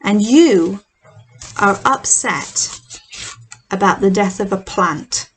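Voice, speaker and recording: A woman speaking as God in a children's Bible story, patiently asking questions and gently chiding. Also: mid-range voice, expressive, takes it slowly, slight background noise, rough recording. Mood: gently reproving.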